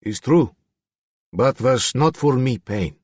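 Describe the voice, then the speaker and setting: A harsh, hostile Eastern European man, put on by a male narrator, talking in slow, broken English with a thick Slavic accent. The husky voice swings widely in pitch and sounds close and dry. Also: animated, a little mellow, no echo. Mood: grim. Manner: slow, menacing, clipped.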